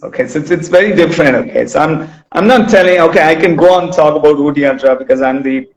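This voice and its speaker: A man's voice: fairly high pitch, fast, hardly any pauses. A man hosting an interview as a running coach, rambling and restarting with repeated words. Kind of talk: casual interview chat. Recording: roomy echo.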